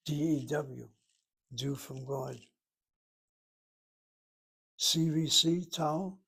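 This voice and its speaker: Gravelly man teaching Hebrew out loud. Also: medium pitch. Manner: thinking aloud, rhetorical questions, spells words out. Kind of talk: self-study lesson, reading from a textbook.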